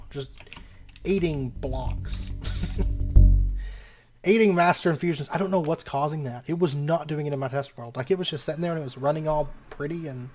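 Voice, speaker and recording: In a mid-range, darkish voice, a let's play host talks through their game casually. There's frequent laughter and disbelieving exclamations, with rambling, self-corrected narration of every action.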